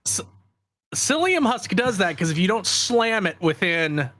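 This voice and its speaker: A man's voice: sits high, very animated, unhurried, a bit bright. A man co-hosting a casual comedy podcast, explaining things in an easygoing, matter-of-fact way. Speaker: podcast co-host.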